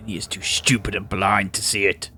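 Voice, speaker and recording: A man's voice: fairly low pitch, little pitch movement, normal speed, pushed and bright, a little hiss or hum. A British man voicing a defiant, vengeful male warrior who speaks tersely and threatens.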